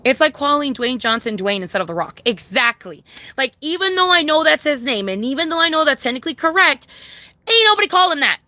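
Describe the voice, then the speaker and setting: A woman's voice: sits high, sharp tone, dry recording. A young woman chatting casually with her viewers on a livestream, profane, emphatic and sassy, repeating her points.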